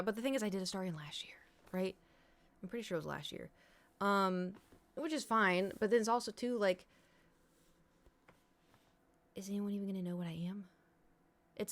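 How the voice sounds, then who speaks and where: A woman's voice: medium pitch, a bit bright. A woman streamer, rambling in casual chat to her viewers and cursing now and then. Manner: rambling, restless, swears casually.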